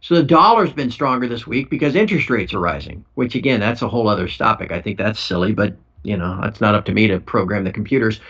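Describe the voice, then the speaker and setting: A man's voice: lowish voice, lively intonation, quick pace, few pauses, a bit bright. A middle-aged man hosting a casual podcast chat on precious metals, wry and self-deprecating with gloomy humor. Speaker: precious metals site host. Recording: dull lo-fi audio.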